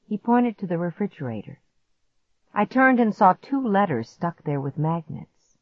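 A woman's voice: low voice, very animated, unhurried, vocal fry, no room sound. A woman narrating a first-person suspense story in a dramatic reading style, in dry, slightly dull lo-fi audio.

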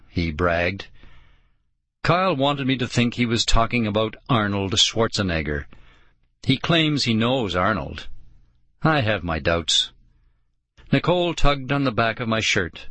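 A man narrating a children's audiobook at an unhurried pace, his low voice bright and forward, with a lively, swinging pitch. The sound is dry and close, with no room around it. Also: no room sound. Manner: expressive, with voices for each character. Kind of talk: scripted narration.

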